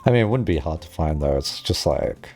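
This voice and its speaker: A man's voice: a bass voice, animated, brisk, darkish tone, soft background music. A young man streaming a game, chatting casually and rambling, with frequent giggles and lots of filler words. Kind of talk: casual live-stream chat.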